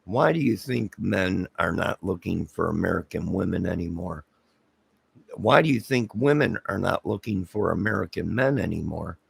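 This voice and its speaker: A man's voice: low voice, expressive, normal speed, no echo. A man hosting his own channel, talking in a rambling, casual commentary monologue full of fillers and asides. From Illinois. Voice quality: very gravelly, husky voice. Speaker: channel host.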